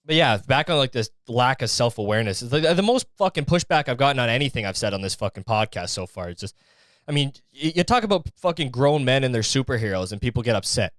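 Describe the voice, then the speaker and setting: A young man rants through a casual solo podcast with biting sarcasm and plenty of swearing. His voice sits at an ordinary middle pitch. The sound is close and dry, with no room around it. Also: lively intonation, fast, a bit bright, no echo. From Canada. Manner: sarcastic, profane, ranting. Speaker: podcast host.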